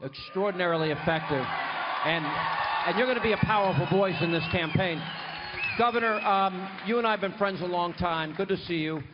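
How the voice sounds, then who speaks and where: A man's voice: high-pitched, moderate pace, over a noisy crowd, very noisy. A man hosting a live televised interview, asking long, emphatic questions with frequent restarts. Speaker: TV host. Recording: muffled live mic with hall reverb.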